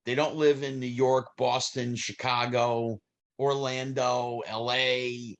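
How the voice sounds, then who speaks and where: A man, a former child actor telling lively stories as an interview guest. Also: medium pitch, slow. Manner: animated, acts out quoted people, restarts. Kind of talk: storytelling interview answers.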